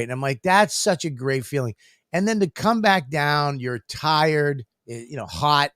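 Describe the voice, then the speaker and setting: Male comedian co-host, rambling profane stories, fairly high voice, dry close sound. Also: unhurried, a bit bright, dry recording. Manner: rambling, swears often, laughs a lot. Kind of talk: casual profane banter.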